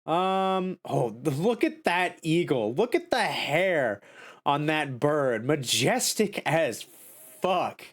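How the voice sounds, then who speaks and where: A man streaming a game live, chatting casually in a goofy, giggly, excitable way. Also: fairly high pitch, slow pace.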